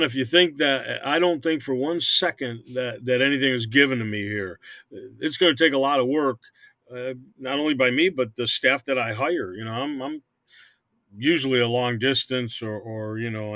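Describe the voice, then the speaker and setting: A man's voice: mid-range voice, moderate pace, sharp tone, no room sound. An older man who owns hockey teams, talking casually in an interview, rambling and often repeating words. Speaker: hockey team owner.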